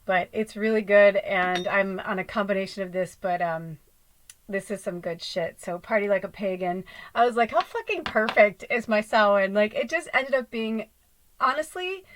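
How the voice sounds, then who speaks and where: A woman's voice: medium pitch, rough recording. A woman hosting her own video, chatting casually to camera at home in a rambling, laughing way with some swearing. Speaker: spiritual channel host.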